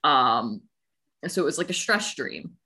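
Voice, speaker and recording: A woman's voice: low voice, sing-song, measured pace, bright, forceful tone, breathy edge. A young woman in her twenties co-hosting a casual podcast, telling stories playfully and correcting herself. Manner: playful storyteller, self-correcting. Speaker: podcast co-host.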